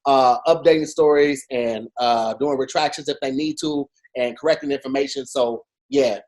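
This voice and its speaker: A man co-hosting a podcast in casual chat, emphatic and animated, with many restarts as he talks. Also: medium pitch, normal speed. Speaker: podcast co-host.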